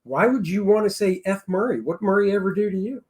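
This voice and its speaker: Slightly high-voiced excitable male co-host. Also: a little fast. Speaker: show co-host. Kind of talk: casual TV review chat.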